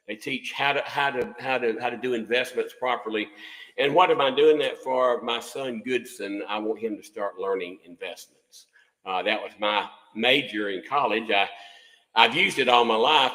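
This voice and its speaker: Folksy older man, bright tone. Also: lowish voice, echoey room, in a large hall, rough recording. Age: 60s. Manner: rambling, folksy, repeats words. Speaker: livestream host, music instructor. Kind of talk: casual livestream chat.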